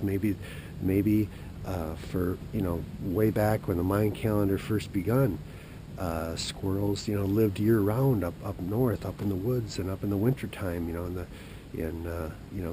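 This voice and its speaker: Man, low voice, rambling outdoor storyteller, noisy creekside recording. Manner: whispers at times, then grows loud and animated retelling a phone call. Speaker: outdoor show host.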